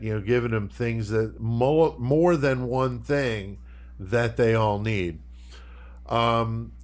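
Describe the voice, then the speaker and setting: A man hosting a podcast, retelling a story in loose, casual chat and swearing often. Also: mid-range voice. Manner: loose, profanity-laced retelling. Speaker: podcast host leading the segment.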